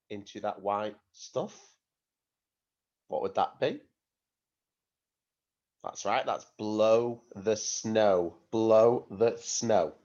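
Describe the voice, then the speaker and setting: A British man teaching young children phonics, talking slowly and clearly and sounding out words in an encouraging way. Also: darkish tone. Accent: British English. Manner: slow, clear and encouraging, sounding out words and leaping up in pitch on blended words. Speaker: primary school teacher. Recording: dull lo-fi home recording.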